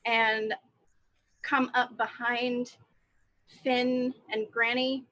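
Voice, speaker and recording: A woman playing a tabletop game, hesitantly describing her character's actions with many pauses and ums. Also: on the high side, little pitch movement, fairly bright tone, poor audio.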